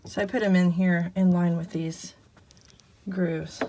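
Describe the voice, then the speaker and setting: This woman has a fairly low, creaky voice with lively intonation and speaks at a normal pace. She's vlogging casually from her small RV as she does chores, chatty, self-mocking and breathless, against slight background noise.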